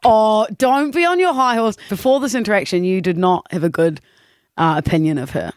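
Animated radio woman, dry sound. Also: brisk, clean tone, no room sound. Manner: animated storyteller, jumps into high voices. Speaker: radio co-host. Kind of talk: casual breakfast radio banter.

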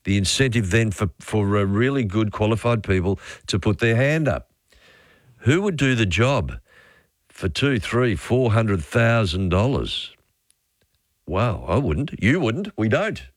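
An Australian man hosts late-night talkback radio. He chats in an easy, relaxed way as he reads out listener messages. His voice sits low and sounds dry and close. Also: unhurried, no echo. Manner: relaxed, chatty, reading out texts. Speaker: radio host.

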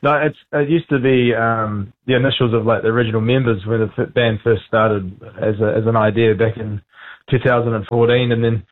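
A man's voice: mid-range voice, steady tone, fairly quick. A man with a New Zealand accent, a band frontman chatting casually and laughing easily as a phone guest. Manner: laid-back, laughs easily. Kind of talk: casual interview chat. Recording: tinny phone line.

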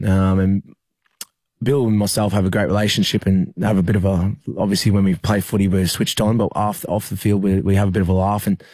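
A young Australian man, a rugby league player, telling a personal story in an interview, halting with many fillers and restarts. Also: fairly low pitch, mellow, dry recording.

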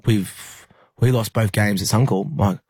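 Low husky Australian man. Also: steady tone, darkish tone, no room sound. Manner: halting, lots of fillers and restarts. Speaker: rugby league player. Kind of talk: emotional personal story in an interview.

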